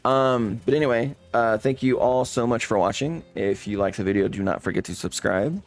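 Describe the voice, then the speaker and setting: A man's voice: medium pitch, normal speed. A man hosting a let's play, chatting casually with lots of uh and um over faint game music. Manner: chatty, fills with uh and um.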